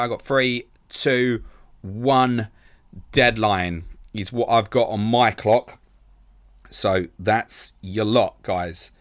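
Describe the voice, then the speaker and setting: A man's voice: medium pitch, no room sound. A man hosting a live fantasy football stream, reading out viewers' questions and answering casually, calling them mate. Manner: casual and quick, calls viewers mate, self-deprecating.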